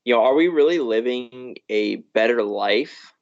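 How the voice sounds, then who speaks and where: A man's voice: medium pitch, unhurried. A man co-hosting a podcast, rambling through his points about a film with restarts and "you know"s. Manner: rambling, restarts, frequent laughs. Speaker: podcast co-host. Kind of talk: casual film review chat. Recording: muffled lo-fi live stream audio.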